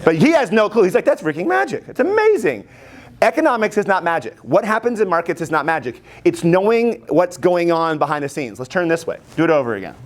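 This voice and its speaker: Energetic man teaching a classroom. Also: fairly high pitch, fast talker, few pauses. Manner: energetic, enthusiastic, jokey. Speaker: economics teacher. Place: high school classroom.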